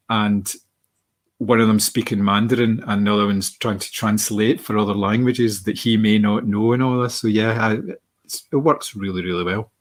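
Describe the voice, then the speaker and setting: A man, co-hosting a film podcast in a rambling, casual way. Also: lowish voice. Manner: rambling, many restarts. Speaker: podcast co-host.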